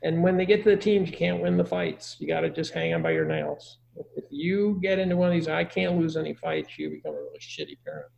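A man's voice: fairly high pitch, very animated, a little fast, vocal fry, hardly any pauses, a little mellow, muffled recording, a little hiss or hum. A middle-aged man giving crude, joking parenting advice in a casual conversation.

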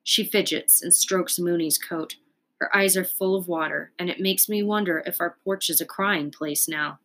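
A woman reading a children's book aloud in a calm, unhurried way. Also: on the low side. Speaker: storyteller.

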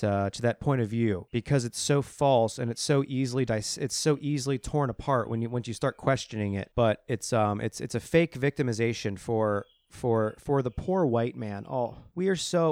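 A man's voice: mid-range voice, darkish tone, no echo, clean studio sound. A man hosting a political commentary show, ranting in a heated, sarcastic and profane way. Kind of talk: ranting solo podcast commentary.

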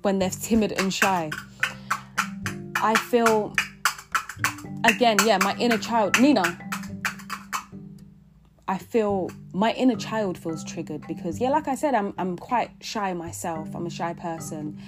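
A woman's voice: mid-range voice, unhurried, long pauses. A young woman talking through her feelings in an earnest, rambling way, full of restarts and fillers. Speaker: vlogger. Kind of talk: reflective personal monologue. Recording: guitar music under the voice. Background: guitar music.

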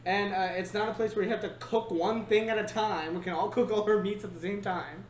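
Dude hosting a podcast, jokey and rambly, laughs a lot, roomy echo, bit of hiss. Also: male voice, sits high, steady tone, a little fast. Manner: joking, laughs often, loose and rambling. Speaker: podcast host. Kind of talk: casual chat. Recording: echoey room, faint noise.

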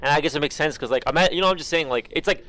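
A man's voice: a little high, rapid-fire, fairly bright tone. A young man telling a rambling story to friends in casual chat, full of fillers and swearing.

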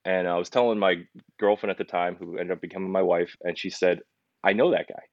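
Earnest low-voiced man telling his story. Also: a little fast, no echo, lo-fi sound. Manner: earnest, animated retelling with many restarts. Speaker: podcast guest, pizzeria owner. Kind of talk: casual storytelling interview.

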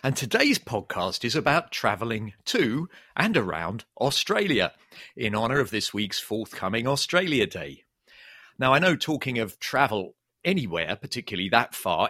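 Lively, bright-voiced man. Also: mid-range voice, moderate pace, no echo, studio quality. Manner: chatty and wry, with frequent fillers. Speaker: podcast co-host. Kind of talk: casual chat.

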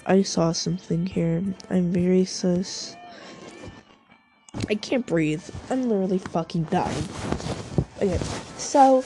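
A woman's voice: fairly low pitch, slow pace, long pauses. A woman chatting casually as she browses online, rambling, cursing freely and cutting herself off mid-thought. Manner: rambling, profane, self-interrupting, giggly. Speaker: vlogger. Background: faint music playing.

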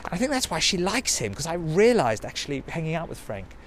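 A man's voice: on the high side, huge pitch swings, brisk, a little hiss or hum. A man, telling a rambling personal story in a sweary, self-mocking way. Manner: sweary, self-mocking, digressive, with quoted put-on voices.

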